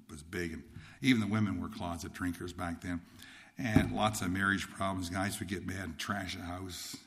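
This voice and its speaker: A man's voice: fairly low pitch, vocal fry, a bit bright. A man from Nova Scotia telling his life story as a testimony, rambling with many restarts and repeated words. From Nova Scotia, Canada. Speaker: speaker sharing his testimony.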